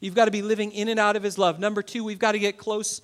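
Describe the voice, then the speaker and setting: Male pastor, 30s, high-pitched, animated sermon delivery with big dynamic swings. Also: quick pace. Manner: animated, swings from loud to quiet.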